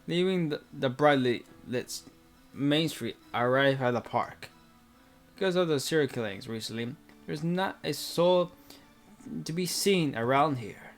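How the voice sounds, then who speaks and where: A man's voice: a little high, lively intonation, unhurried, faint music behind. A man reading a visual novel aloud with casual, rambling commentary full of fillers.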